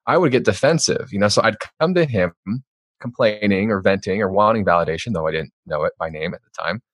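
A man with a lowish voice speaks at a quick pace as an author guest in a conversational podcast interview. He is candid and reflective, and gets animated when acting out quotes, in a dry recording with clean studio sound.

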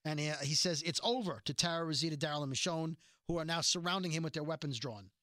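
High, bright-voiced man recapping a show. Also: no room sound, clean studio sound. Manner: animated retelling with quick quoted voices. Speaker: podcast host recapping a TV episode. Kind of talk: casual chat.

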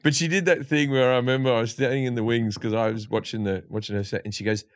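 Australian comic guest, chatty anecdotes, mid pitch, dry studio sound. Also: male voice, steady tone, fast, dry recording. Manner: rambling storyteller, acts out quotes. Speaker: comedian guest. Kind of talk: casual anecdotes.

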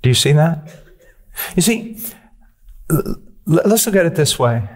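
Earnest preacher man, fairly high voice. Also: very animated, measured pace. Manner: earnest and direct, pressing listeners with questions. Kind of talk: sermon.

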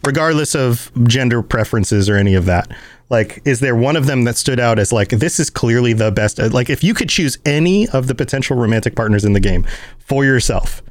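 A man's voice: mid-range voice, animated, a little fast, dry recording. A man hosting a casual game chat, rambling with frequent laughs and restarts. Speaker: podcast host. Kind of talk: casual chat about video games.

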